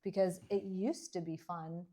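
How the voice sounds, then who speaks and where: A woman's voice: fairly low pitch, fairly even intonation, measured pace, mellow. A woman from Canada co-hosting a casual podcast, dry and teasing, often laughing. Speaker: dentist and podcast co-host.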